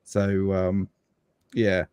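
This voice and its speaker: A man's voice: sits low, completely flat delivery, drawn-out words, a little mellow, clean tone, dry recording. A man chatting casually as a podcast guest about fatherhood, rambling with many restarts and fillers.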